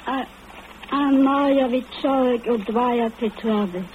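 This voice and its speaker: An actress playing a weary widowed woman who talks softly to a drunk man, in old radio drama style. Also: on the high side, fairly even intonation, slow pace, slight background noise. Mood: pleading. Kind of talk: 1940s radio acting. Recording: tinny old radio broadcast.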